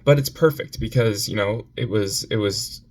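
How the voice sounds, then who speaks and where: A man giving a confessional vlog on his phone, upset and near tears, speaking haltingly and repeating himself between sighs. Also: lowish voice. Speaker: vlogger.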